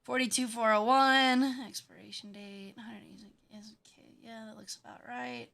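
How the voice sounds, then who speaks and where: A woman streaming a game with casual commentary. She sounds bratty, swears freely and reacts fast. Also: fairly high pitch, fairly even intonation, gravelly, a bit bright.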